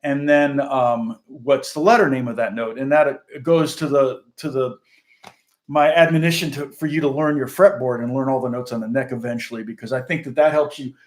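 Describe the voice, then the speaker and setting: A man's voice: medium pitch, fairly even intonation, moderate pace. A middle-aged man, a guitar teacher hosting a casual livestream chat, rambling and laughing often. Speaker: guitar teacher and channel host.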